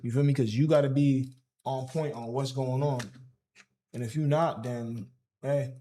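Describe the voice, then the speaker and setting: A man commentating his own trades on a live stream. He is excitable and slangy, and he talks straight to his chat. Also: mid-range voice, a little slow, slight background noise.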